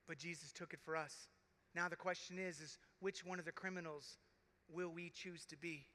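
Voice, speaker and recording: Bright-voiced preaching man in a hall. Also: fairly high pitch, fairly even intonation. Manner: impassioned preaching with dramatic pauses. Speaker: deacon and keynote speaker. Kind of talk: sermon. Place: large conference arena. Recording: big hall reverb.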